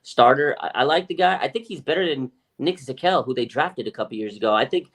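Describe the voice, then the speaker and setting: A man co-hosting a podcast, chatting in a lively, casual way, swearing freely and acting out other people's voices. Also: medium pitch, brisk. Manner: animated, swears freely, acts out quoted voices. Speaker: podcast co-host. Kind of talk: casual sports chat.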